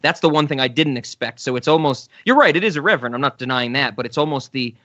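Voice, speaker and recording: A man's voice: medium pitch, fast, sharp tone, no room sound, highs cut off. A man hosting a film podcast in casual chat, easygoing and chuckling often. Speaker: podcast host.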